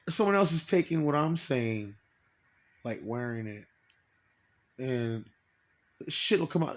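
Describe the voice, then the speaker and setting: A man in a rambling personal monologue, swearing often, stopping and restarting, and trailing off quietly. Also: mid-range voice, lively intonation. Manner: profane, halting, trails off quietly.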